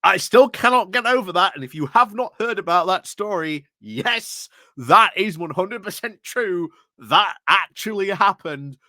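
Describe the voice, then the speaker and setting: A chatty man delivering casual news commentary with a wry, amused edge. His voice sits a little high for a man. The sound is close and dry. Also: expressive, measured pace, hardly any pauses, sharp tone, dry recording. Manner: chatty, wry, laughs often. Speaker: YouTube political commentator.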